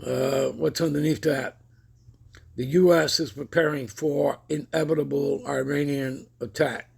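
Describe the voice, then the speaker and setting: Over news commentary, this preacher keeps asking his audience "all right?" and "okay?" while reading scripture with mounting emphasis. He has a fairly high, creaky voice with a breathy edge.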